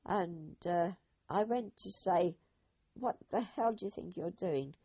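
Slow, husky older woman. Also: on the low side, warm tone. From Britain. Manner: unhurried, acts out each speaker's quoted words. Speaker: eyewitness. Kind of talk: oral history storytelling. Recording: dull lo-fi recording.

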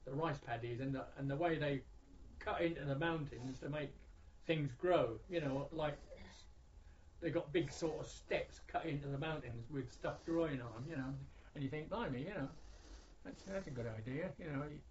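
On a dull, lo-fi recording with slight hiss or hum, an elderly veteran with a higher-than-average voice talks about his service at a moderate pace. His oral-history account wanders, with frequent fillers and false starts.

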